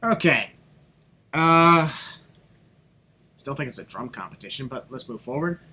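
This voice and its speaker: A man's voice: medium pitch, animated, unhurried, bright, forceful tone, a little hiss or hum. A man hosting a podcast in casual, joking, rambling chat. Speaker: podcast host.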